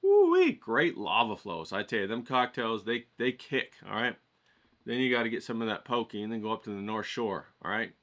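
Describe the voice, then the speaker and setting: Hyped, bright-voiced male vlogger. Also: fairly low pitch, fairly even intonation, a little fast. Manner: hyped, folksy, swears freely, talks to viewers directly. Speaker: watercolor vlogger. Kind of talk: casual motivational pep talk to camera.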